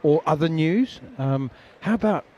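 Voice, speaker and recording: A man giving ball-by-ball radio cricket commentary, chatty and quick to laugh, with plenty of ums and uhs. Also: on the high side, animated, a little mellow.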